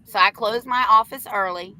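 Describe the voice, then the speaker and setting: Brash, bright-voiced storytelling woman. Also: medium pitch, normal speed, dry recording. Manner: brash and profane, animated storytelling with acted quotes. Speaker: live show co-host. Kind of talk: casual storytelling chat.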